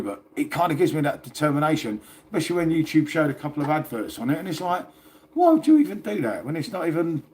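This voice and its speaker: A man with a slightly high, somewhat mellow voice hosts a casual livestream, chatting and rambling to his viewers and swearing now and then.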